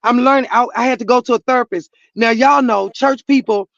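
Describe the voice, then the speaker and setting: A woman's voice: a little high, a little fast, creaky, dry recording, highs cut off. A middle-aged woman, a grieving mother, telling her story in an earnest, church-flavored way, sometimes rising to emphatic outbursts. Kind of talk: emotional personal testimony.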